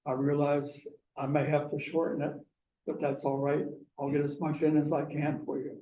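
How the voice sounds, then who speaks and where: Guy from pennsylvania telling his story slow, flat mellow voice, echoey room far from the mic. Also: a little high, a little hiss or hum. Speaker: guest speaker. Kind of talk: personal storytelling talk.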